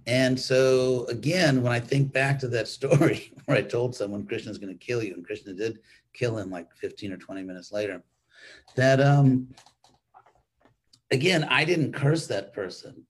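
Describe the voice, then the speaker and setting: Older guy, husky voice, monk rambling through a sunday class, keeps restarting sentences. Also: mid-range voice, normal speed. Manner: conversational, rambling, with frequent restarts. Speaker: monk teaching a weekly class. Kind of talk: informal spoken class.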